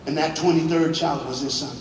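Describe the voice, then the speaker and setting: High-voiced man telling a dramatic story. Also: steady tone, fairly quick. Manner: swings from hushed to shouting, with joking asides to the crowd. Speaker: motivational speaker. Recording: echoey hall, far mic, faint noise.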